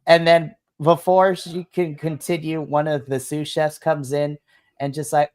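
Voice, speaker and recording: Mulher mestre de jogo narrando uma aventura de RPG de mesa, risonha e falante, voz grave. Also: female voice, low voice, flat delivery, measured pace, darkish tone. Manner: giggly, chatty. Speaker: game master. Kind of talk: narrating a tabletop role-playing game.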